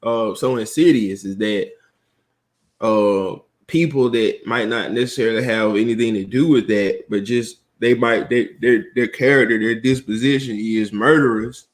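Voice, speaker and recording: A man from Atlanta, a guest on a livestream, speaking slowly and thoughtfully with many pauses and fillers. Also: lowish voice. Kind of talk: casual livestream chat.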